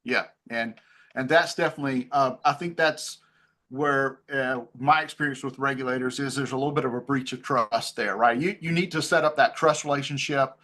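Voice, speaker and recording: A man moderating a panel discussion, thinking aloud as he frames questions in a relaxed, conversational way. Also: mid-range voice, moderate pace.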